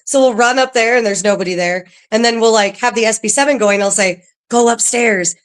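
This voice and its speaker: A woman's voice: fairly high pitch, quick pace. Chatty woman full of ums. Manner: chatty, laughs often, filler-heavy. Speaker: paranormal museum staff guest. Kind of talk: casual podcast interview.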